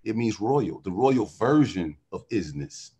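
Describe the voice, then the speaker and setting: A man's voice: fairly low pitch, expressive, unhurried, warm tone, husky. A man talking as a podcast guest in casual conversation, riffing animatedly and philosophically on word origins.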